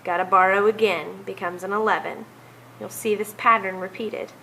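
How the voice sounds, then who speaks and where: A woman's voice: medium pitch, fairly even intonation, normal speed, creaky, pushed and bright, a little hiss or hum, rough recording. A woman teacher walking through math homework problems, counting aloud step by step.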